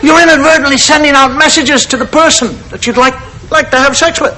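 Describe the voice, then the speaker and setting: A middle-aged man doing a relaxed stand-up monologue on stage, acting out gestures and noises as he talks. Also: extremely high pitch, fairly quick. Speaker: stand-up comedian. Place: stage before a live audience. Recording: vintage TV broadcast with audience noise and hiss. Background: audience laughter.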